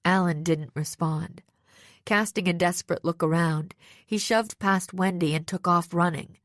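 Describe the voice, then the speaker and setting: A woman reading a first-person audiobook narration in a steady, even storytelling manner, close to the microphone. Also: lowish voice, a little slow, no room sound. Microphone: close studio microphone.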